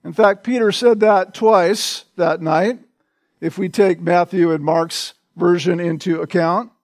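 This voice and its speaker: A male pastor preaching a sermon in a slow, deliberate way, repeating short phrases for emphasis. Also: high-pitched, fairly even intonation, darkish tone, no echo.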